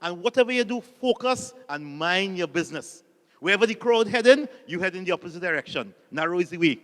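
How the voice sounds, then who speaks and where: High-voiced Trinidadian priest, jokey. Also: male voice, expressive, fairly quick, fairly bright tone, in a large hall. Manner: jokey storyteller, calls on the audience to repeat lines. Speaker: Catholic priest and speaker. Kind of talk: humorous motivational talk.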